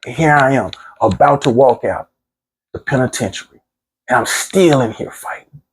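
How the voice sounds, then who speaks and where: A man's voice: medium pitch, lively intonation, normal speed, slight background noise. A middle-aged man candidly recounting his own past in a plainspoken, street-casual way, often repeating himself. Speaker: former prisoner telling his story. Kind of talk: candid storytelling monologue.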